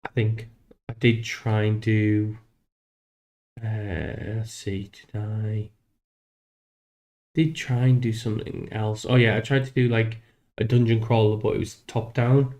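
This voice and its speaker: A man streaming live while coding a game, thinking aloud in a halting, self-deprecating way. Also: lowish voice, little pitch movement, darkish tone.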